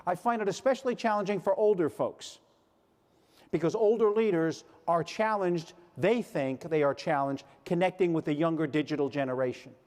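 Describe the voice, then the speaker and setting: A man's voice: a little high, moderate pace, a little mellow. A man in his sixties giving a motivational keynote speech in a large hall, telling stories and acting out the voices of the people in them. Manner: storytelling, acts out quoted voices. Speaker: keynote speaker. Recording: long hall reverb.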